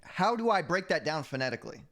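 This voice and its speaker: A man's voice: fairly high pitch, sing-song, fast, fairly bright tone. A young man livestreaming, casually chatting and playfully repeating practice phrases, joking and swearing now and then. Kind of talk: casual stream chat, practicing French aloud.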